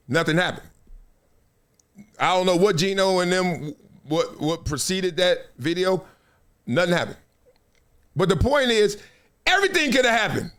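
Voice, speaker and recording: Animated high-voiced male storyteller. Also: moderate pace, long pauses. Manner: animated, acts out quotes in voices; slangy, repeats phrases for effect. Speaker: show host. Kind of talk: casual storytelling monologue.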